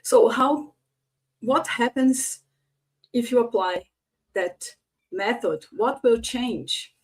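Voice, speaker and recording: Woman speaker, slightly high voice, virtual conference talk, lots of "uh" fillers. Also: takes it slowly, slightly rough. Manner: frequent fillers, demonstrates phrases in varied tones. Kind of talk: online presentation on voice and leadership.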